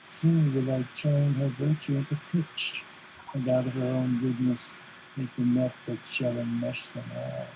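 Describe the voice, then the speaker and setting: A man reading a scheming male villain aloud in a hushed, conspiratorial voice, for an amateur play read over a video call. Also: medium pitch, animated, measured pace, noisy background. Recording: dull lo-fi video call audio.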